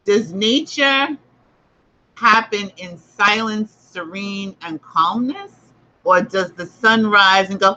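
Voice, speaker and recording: A woman's voice: mid-range voice, takes it slowly, pushed and bright, dull audio. A woman hosting a livestreamed spiritual book discussion, emphatic and repetitive as she makes her points. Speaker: host.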